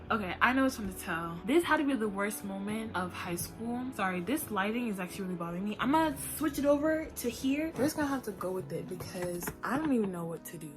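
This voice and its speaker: A 21-year-old woman telling school stories in a chatty, slangy, animated way while unbraiding her hair at home. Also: on the high side. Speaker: vlogger.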